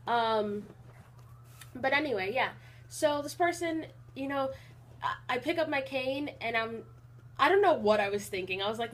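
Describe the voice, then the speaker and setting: A young woman talking casually in a rambling vlog, with an even, not very emotional delivery and lots of fillers. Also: fairly high pitch, normal speed, slight background noise. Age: young adult. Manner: rambling with many fillers and restarts. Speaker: college vlogger.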